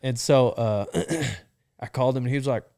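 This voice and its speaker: A man in casual conversation, relaxed and reflective, recalling a nervous phone call with a boss and using lots of "you know.". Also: mid-range voice, moderate pace. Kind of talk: casual chat.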